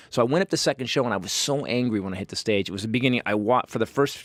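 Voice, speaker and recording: A comedian telling his own story on a talk show, talking fast and emphatically. He slips into quoted voices with sudden leaps in pitch. His voice is recorded dry and close on a studio mic. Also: no echo. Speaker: comedian guest.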